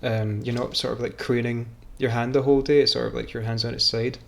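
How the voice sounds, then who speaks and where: Gravelly man rambling. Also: medium pitch, flat delivery, brisk. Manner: rambling, joking, self-mocking. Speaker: game streamer. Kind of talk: casual commentary while gaming.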